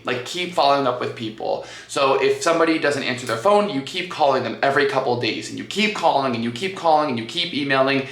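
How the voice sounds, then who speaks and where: A man hosting a coaching podcast, talking in an energetic, conversational way. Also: fairly high pitch. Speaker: business coach and podcast host. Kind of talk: podcast monologue. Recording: echoey room.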